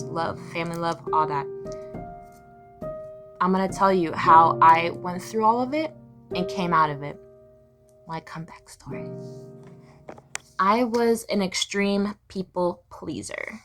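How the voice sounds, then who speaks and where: A woman's voice: lowish voice, animated, slow pace, long pauses. A young woman speaking candidly in a personal confessional vlog, raw and profane, firing off heated rhetorical questions. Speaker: vlogger. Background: music.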